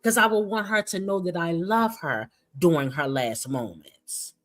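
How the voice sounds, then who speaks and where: A woman's voice: on the low side, expressive, measured pace. A woman streamer giving sarcastic, gossipy commentary on clips she plays. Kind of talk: reaction commentary.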